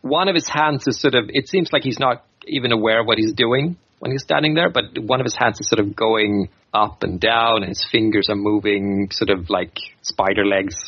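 A man's voice: on the low side, normal speed, hardly any pauses, slightly rough, no room sound. A man narrating as game master of a tabletop game, hesitant and full of fillers. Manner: hesitant, with many fillers and restarts. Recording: dull lo-fi recording.

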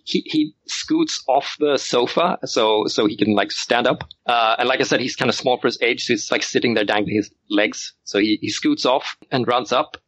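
A man's voice: mid-range voice, moderate pace, few pauses, a bit bright, no echo. A man narrating as game master of a tabletop game, rambling and often restarting his sentences. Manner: rambling, full of fillers and restarts.

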